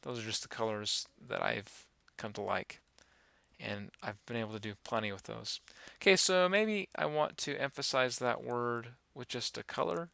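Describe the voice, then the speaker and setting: A man giving a relaxed, rambling software tutorial, talking through each step with many fillers. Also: mid-range voice, moderate pace, gravelly, no echo. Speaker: animation instructor. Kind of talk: screen-recorded software tutorial.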